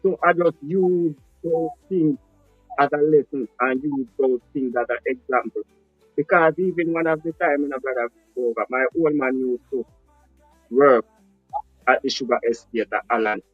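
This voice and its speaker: A man's voice: medium pitch, normal speed, breathy edge, dry recording. A Jamaican man speaks earnestly and plainly, his English leaning into patois as he tells his story. The sound is dry and dull, like a phone on a live call, with faint music underneath. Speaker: interview guest. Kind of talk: casual storytelling interview.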